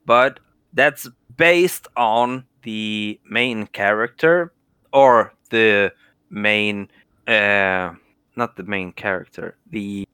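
A man's voice: lowish voice, drawn-out words, pushed and bright, smooth, no echo, clean studio sound. A Swedish man, tipsy, rambling and stumbling over his words in a casual podcast chat over a call. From Sweden. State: drunk. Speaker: podcast co-host. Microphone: remote call mic.

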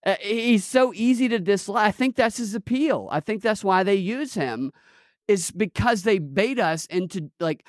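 Male podcast host, blunt and crude, fairly high voice, dry close recording. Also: animated, moderate pace, dry recording. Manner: blunt, profane, laughs often. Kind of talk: casual political commentary.

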